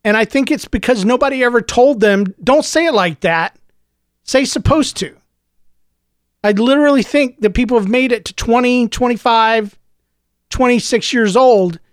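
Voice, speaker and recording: A man's voice: high voice, smooth, no echo, studio quality. A middle-aged American man giving an opinionated, exasperated podcast monologue, lecturing listeners as host.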